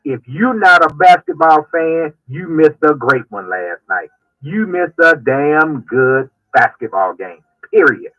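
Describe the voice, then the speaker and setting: Loud mouthed caller guy on a muffled lo-fi line, swearing, talking trash. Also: a little high, animated, a little slow, no echo. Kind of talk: call-in rant. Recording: dull lo-fi phone-in line.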